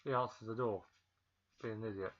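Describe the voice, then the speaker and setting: A man's voice: on the low side, fairly even intonation, fairly quick, fairly bright tone, highs cut off. A man casually recapping a film, rambling with frequent ums and restarts while feeling ill. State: feeling ill, pausing to cough.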